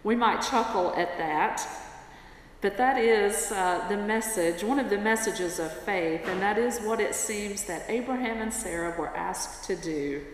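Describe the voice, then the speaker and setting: Slow-speaking woman preacher in echoey church. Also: medium pitch, a little hiss or hum. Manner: storytelling, unhurried. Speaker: pastor, guest preacher. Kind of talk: sermon. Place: church sanctuary. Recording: echoey church with long reverb, faint ambience.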